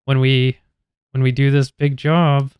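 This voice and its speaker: A man's voice: medium pitch, little pitch movement, unhurried, clear, resonant tone, no echo, lo-fi sound, close to an everyday voice. A man voicing Morthos, an easygoing rogue companion, in a tabletop game, talking in a casual, rambling way.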